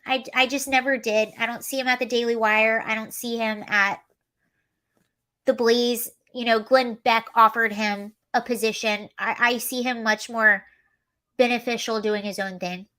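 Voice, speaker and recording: A chatty woman hosting a casual livestream with a slightly high voice. She talks freely and animatedly, riffing on the news and answering viewers as she goes. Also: normal speed. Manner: chatty, animated, reads chat comments aloud. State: allergies, coughing and sneezy. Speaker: livestream host. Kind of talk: casual political commentary livestream.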